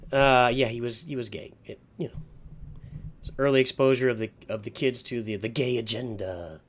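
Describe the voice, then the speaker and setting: A man's voice: mid-range voice, fairly even intonation, moderate pace, slight background noise. A middle-aged man hosting a livestream, rambling nostalgically and answering live chat as he goes. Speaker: livestream host.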